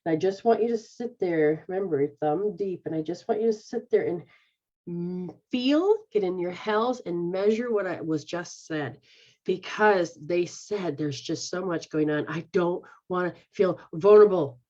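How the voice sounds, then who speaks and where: Woman healer, lowish voice, casual instructive delivery, muffled lo-fi stream audio. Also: measured pace, warm tone. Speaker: energy healer leading a live session. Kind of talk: guided healing session, casual.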